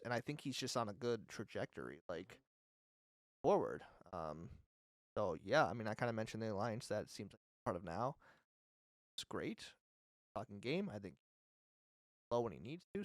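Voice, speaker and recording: A man's voice: mid-range voice, no room sound, studio quality. A man co-hosting a casual fan podcast, chatty and filler-heavy, laughing often. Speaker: podcast co-host.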